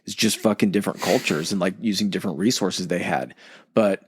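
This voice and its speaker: A man's voice: sits low, fairly quick, husky, no echo, clean studio sound. A man co-hosting a casual history podcast, joking, swearing freely and acting out historical figures. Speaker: podcast co-host. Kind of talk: casual profane history chat.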